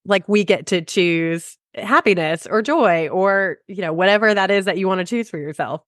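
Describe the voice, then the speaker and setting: A woman podcast host who chats along with her guest, trading playful lines and quick reactions. Her pitch is ordinary middle range, and the recording is dry and close with no room echo. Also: fairly bright tone. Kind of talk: casual conversational interview.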